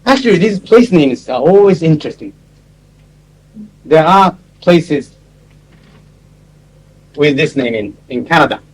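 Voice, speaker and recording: A man's voice: on the high side, animated, a little hiss or hum, rough recording. Man lecturing. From Japan. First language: Japanese. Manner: explanatory, halting, with frequent pauses and asides. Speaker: lecturer on interpreting. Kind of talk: classroom lecture with visual aids.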